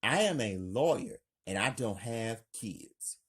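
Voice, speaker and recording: A man reading the lines of a calm, friendly woman who is a lawyer, in short, plain replies. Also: on the low side, takes it slowly, husky, heavily acted.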